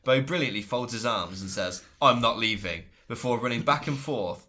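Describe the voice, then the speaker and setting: A man's voice: mid-range voice, animated, moderate pace, sharp tone. A man co-hosting a podcast, recapping in casual chat, enthusiastic and laughing often. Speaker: podcast co-host.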